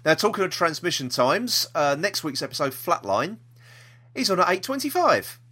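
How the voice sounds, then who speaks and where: A man's voice: a little high, sing-song, normal speed, pushed and bright, slightly rough. A man co-hosting a podcast, talking in a chatty, jokey, rambling way. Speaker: podcast co-host. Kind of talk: casual chat.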